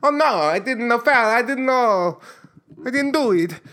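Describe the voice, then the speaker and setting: A man putting on the voice of a theatrical male soccer player protesting a foul, high and whiny. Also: animated, unhurried, bright, forceful tone, exaggerated voice. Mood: whining.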